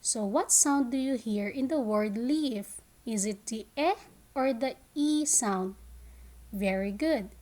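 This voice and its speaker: A woman teaching an online kindergarten phonics lesson, speaking slowly and clearly and drawing out each sound. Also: fairly high pitch, a little mellow. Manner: slow, clear teacher talk with drawn-out sounds.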